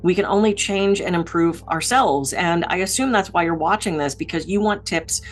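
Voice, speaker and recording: A middle-aged woman from Pittsburgh giving a motivational talk as a keynote speaker, with a high-energy and direct delivery. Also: normal speed, soft background music. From Pittsburgh, USA.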